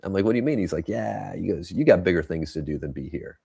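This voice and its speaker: Low-voiced man telling a lively story. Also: fast, gravelly, slightly rough. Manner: animated storyteller, acts out quoted dialogue. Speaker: guest. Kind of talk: storytelling in a podcast conversation.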